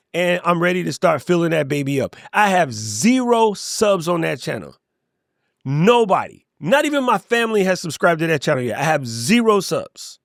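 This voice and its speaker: High-voiced energetic man, dry sound. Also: vocal fry, no room sound. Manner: energetic, conversational, playful asides. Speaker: YouTube creator and coach. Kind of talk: casual motivational talk to camera.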